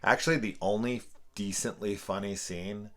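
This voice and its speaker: A man's voice: lowish voice, fairly even intonation, normal speed, a bit bright. A man reviewing a film in a casual, profane, exasperated rant. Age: adult parent. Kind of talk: casual spoken movie review.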